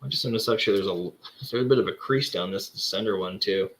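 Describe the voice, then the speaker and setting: A man's voice: fairly low pitch, quick pace. A man hosting a casual chat, showing off comic books and rambling with lots of fillers and restarts. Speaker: comic collector host.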